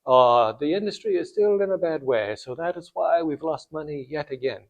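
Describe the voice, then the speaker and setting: A man putting on a French accent to play a smooth, placating male company CEO addressing his board. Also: fairly high pitch, animated, normal speed, muffled recording, slight background noise. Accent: put-on French accent.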